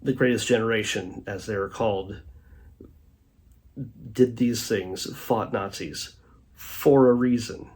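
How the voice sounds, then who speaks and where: A man hosting a casual commentary show, rambling with many fillers and restarts, often trailing off quietly at the end of a thought. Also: fairly low pitch, slow, pauses often. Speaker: host reviewing a streaming documentary.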